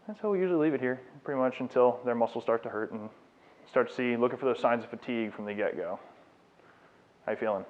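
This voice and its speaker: Speaking fast in a medium-pitched voice, a male fitness trainer runs a live demo lecture in a fitness studio, coaching a client through exercises with encouraging explanations. The audio has a tinny, phone-like quality.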